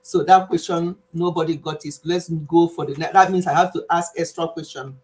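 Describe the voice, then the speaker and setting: A woman's voice: on the low side, steady tone, normal speed, a little mellow. A woman, hosting a casual live stream quiz and playfully scolding a viewer in a chatty way. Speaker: livestream host.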